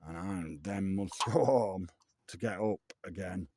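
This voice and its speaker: A man's voice: low voice, background noise. A tipsy middle-aged man, rambling and swearing casually through a vlog monologue. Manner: meandering, swears casually, slow drawl. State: tipsy from drinking. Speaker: vlogger. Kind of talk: rambling late-night monologue.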